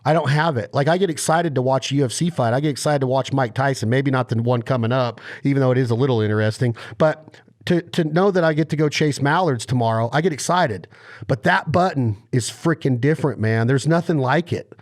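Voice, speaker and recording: A man hosting a podcast interview, telling stories in an animated, impassioned way. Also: medium pitch, a little fast. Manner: animated storyteller, impassioned and emphatic. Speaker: podcast host.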